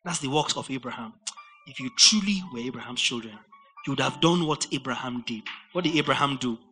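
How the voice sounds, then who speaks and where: A man preaching a verse-by-verse Bible study sermon, animated and rising to near-shouts for emphasis. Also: mid-range voice, a little fast, soft background music.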